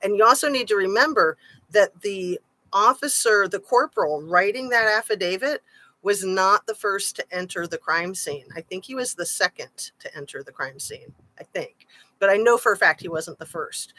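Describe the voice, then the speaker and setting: A woman's voice: medium pitch, animated, normal speed, sharp tone, poor audio. Chatty woman hosting a livestream. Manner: chatty, rambling, frequent "um" and "like". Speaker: true-crime livestream host. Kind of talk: casual live-stream chat reading viewer comments.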